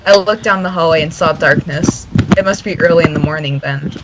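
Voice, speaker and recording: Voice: medium pitch, fairly quick. A young narrator reading a fan story aloud to friends, giggling and stumbling over words. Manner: giggly, stumbles and corrects itself while reading. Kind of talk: casual group reading on a voice call. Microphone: voice call mic. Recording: very noisy voice call audio.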